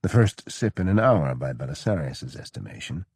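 A man narrating a novel in a measured, steady manner. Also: rumbling low, breathy edge, no echo, studio quality. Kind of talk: audiobook narration.

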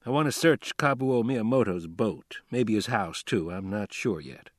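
A man's voice: fairly low pitch, expressive, a little slow, no room sound, studio quality. A man voicing a weary, plainspoken small-town sheriff in an audiobook. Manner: plainspoken, listing his reasons.

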